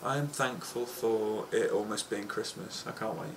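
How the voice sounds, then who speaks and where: A British man with a gravelly, fry-laden voice co-hosts a gaming chat, chiming in with quick jokes. His pitch is middling, and a faint noise sits under the recording. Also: fairly even intonation. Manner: laughing, jokey interjections. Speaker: podcast co-host. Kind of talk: casual gaming podcast chat.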